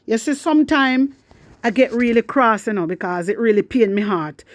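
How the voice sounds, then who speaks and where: Jamaican woman vlogger, high voice, dry close sound, fervent and preachy, speaks straight to her followers. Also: normal speed, no echo. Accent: Jamaican Patois. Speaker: online commentator. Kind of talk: impassioned political commentary vlog.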